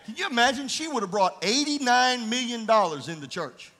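A man preaching a fervent sermon as pastor, building up to shouts. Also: very high voice, expressive, brisk, long reverb tail, a little hiss or hum. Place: church sanctuary.

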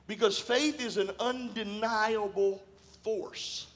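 A man pastor preaching a sermon in a church, telling personal stories in a conversational way that bursts into shouting and laughter. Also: sits high, animated, moderate pace. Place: church sanctuary.

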